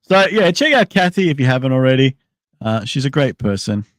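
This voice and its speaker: A man's voice: medium pitch, very animated, a little fast, dry recording. A man hosting a casual livestream, thinking aloud in a rambling way with many restarts and answering chat messages. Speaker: livestream host.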